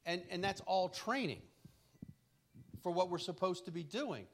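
A middle-aged man delivers a sermon in a loose, conversational way, leaning on homespun stories about his family. His voice sits a touch high for a man, and he chuckles easily, often restarting his sentences as he goes. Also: lively intonation, unhurried, gravelly. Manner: folksy, chuckling storyteller with frequent restarts. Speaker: preacher.

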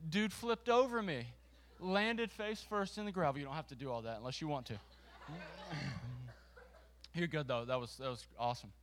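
A man with a voice on the higher side tells a story from the pulpit to his congregation. He brings a volunteer on stage and keeps poking fun at himself. His delivery is animated, full of restarts and laughter. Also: slight background noise. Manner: lively and self-mocking, with quick restarts and laughter.

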